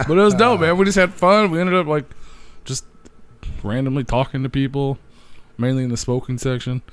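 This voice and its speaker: A man's voice: mid-range voice, measured pace, pauses often, soft background music. A man hosting a podcast, telling a night-out story in a laid-back, casual way, swearing often and laughing along. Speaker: podcast host.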